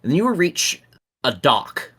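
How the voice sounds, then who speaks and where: A man's voice: on the high side, sing-song, a little slow, pushed and bright, husky. A man narrating as game master in a casual, profane way, reading aloud with frequent restarts.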